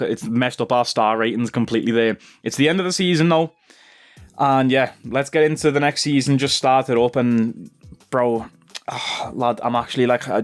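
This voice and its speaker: A young man giving casual, chatty commentary over a football management game, calling his viewers "bro". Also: medium pitch. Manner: chatty, says "bro" a lot. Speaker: gaming YouTuber.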